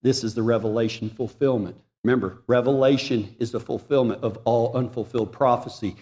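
Male preacher, fervent and pleading, medium pitch, recorded with a long echo in a hall. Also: steady tone, brisk. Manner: impassioned, swings between loud urging and hushed pleading. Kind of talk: sermon.

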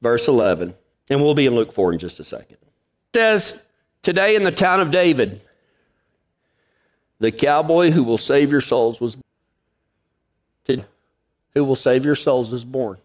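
A medium-pitched, expressive pastor preaches a little slowly, leaving long pauses. He drawls through a folksy story, acting out the conversation within it.

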